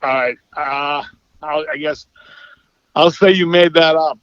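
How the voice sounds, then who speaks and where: Boston-raised male actor, relaxed and rambling, on a dull, dry lo-fi feed. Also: a little high, a little slow, smooth, no room sound. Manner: easygoing, rambling, self-correcting. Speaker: actor, podcast guest. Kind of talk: casual interview chat.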